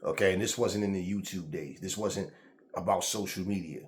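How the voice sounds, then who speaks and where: A man's voice: deep voice, normal speed, a little hiss or hum. A man, a boxing trainer, telling a story to camera in a casual, profane, emphatic way. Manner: profane, emphatic, and acts out the scenes he describes. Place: indoors, seated in front of a camera.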